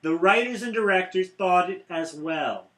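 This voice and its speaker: Sarcastic guy co-hosting a movie review, bright punchy voice, echoey room. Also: sits high, normal speed. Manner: sarcastic, mocking. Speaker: co-host of a movie review show. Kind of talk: casual chat.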